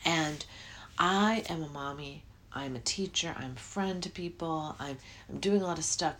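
A middle-aged woman hosting a podcast, talking in a rambling, self-interrupting way and yawning often. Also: deep voice. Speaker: podcast host. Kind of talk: casual spiritual podcast monologue.

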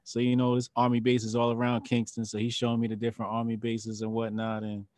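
A man hosting a podcast, relaxed and slangy, chatting and giving shout-outs to viewers. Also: mid-range voice, fast, no room sound. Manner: laid-back, slangy, gives shout-outs. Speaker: podcast host. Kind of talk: casual chat, reading super chats.

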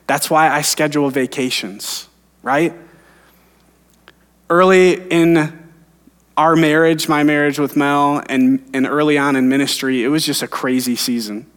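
A man's voice: on the high side, fairly even intonation, measured pace, a bit bright. A man in his thirties, a pastor preaching an earnest sermon and telling personal stories. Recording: long hall reverb.

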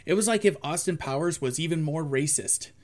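A man's voice: on the high side, brisk, darkish tone. A man in his forties co-hosting a casual chat, rambling through a story with plenty of fillers and restarts. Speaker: podcast co-host.

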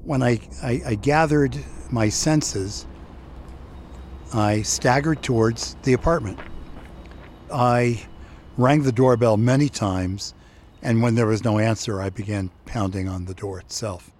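A man telling a personal story in a reflective, halting way. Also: medium pitch, a little mellow, slight background noise. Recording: music bed underneath.

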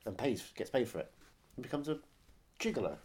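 A man's voice: medium pitch, big pitch swings, fairly quick, a little mellow, breathy edge. A man co-hosting a film podcast, riffing with crude jokes and a running stream of asides. His talk is loose and casual. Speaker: podcast co-host.

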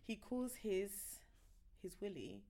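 In a relaxed podcast conversation, this female co-host laughs a lot as she tells lively stories. She speaks slowly in a mid-range voice.

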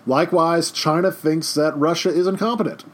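A man's voice: fairly high pitch, steady tone, moderate pace. A man teaching a history lesson over slides in a casual, joking way, with chatty off-the-cuff asides.

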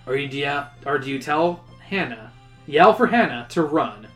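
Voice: mid-range voice, animated, normal speed, fairly bright tone, soft background music. Host reading a story aloud with jokes. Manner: playful, joking asides, laughs while reading. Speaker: reader and host. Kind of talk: reading a choose-your-own-adventure book aloud to friends.

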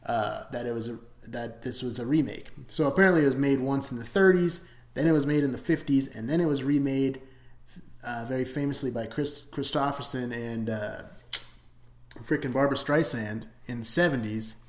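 A man's voice: medium pitch, moderate pace, roomy sound. A man giving a casual, rambling and profane movie review, full of enthusiasm.

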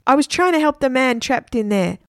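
A woman's voice: sits high, animated, a little fast, no echo, clean studio sound, pitched above the performer's own voice. A woman voicing a serious, reckless young girl in a storybook, speaking bluntly. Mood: urgent.

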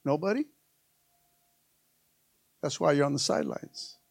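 A man's voice: fairly high pitch, animated, unhurried, creaky, no echo. A man preaching a rousing sermon, calling on the congregation and repeating lines for emphasis. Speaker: pastor.

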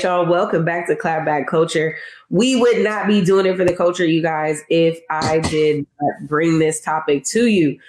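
A woman's voice: low-pitched, darkish tone. A woman hosting a show, chatting casually and talking straight to her viewers with slang. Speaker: show host. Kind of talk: casual commentary. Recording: roomy echo.

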